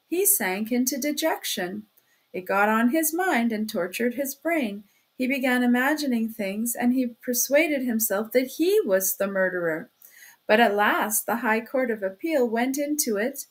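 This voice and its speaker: A sly male criminal investigator, as a woman reads him in an audiobook chatters on in a chummy, teasing way, dropping hints as he probes. The voice sits fairly high and comes across a bit raised and pushing. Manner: talkative, teasing, insinuating. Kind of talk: audiobook reading.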